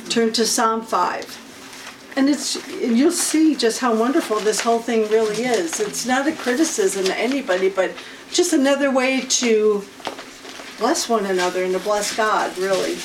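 A woman leading an informal Bible study, unhurried and often stopping to clear her throat. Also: a little high. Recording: faint room noise, from a distance.

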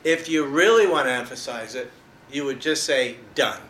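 A man's voice: mid-range voice, moderate pace, fairly bright tone. A man giving an informal Bible teaching in a conversational way, pressing hard on key words. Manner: conversational, stresses words, chuckles at own jokes. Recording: echoey room with faint noise.

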